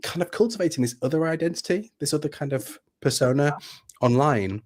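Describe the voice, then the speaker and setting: A man's voice: fairly high pitch, brisk, a little mellow. A man with a British accent, an executive coach, telling his story thoughtfully in a livestream interview with hesitant restarts.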